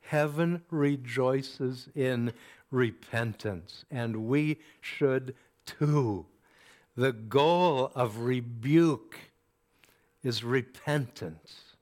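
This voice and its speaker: Slow, measured male preacher. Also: mid-range voice, a little mellow. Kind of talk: sermon.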